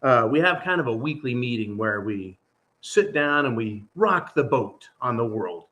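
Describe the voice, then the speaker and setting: A man's voice: mid-range voice, very animated, normal speed, pushed and bright, a little hiss or hum. A man hosting his own channel, talking through a casual, rambling monologue in an exasperated, sarcastic way. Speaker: channel host.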